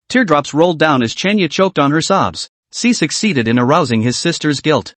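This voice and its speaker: A man narrating a comic recap in a brisk storytelling manner, recorded dry and close. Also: fairly high pitch, expressive, a bit bright, dry recording.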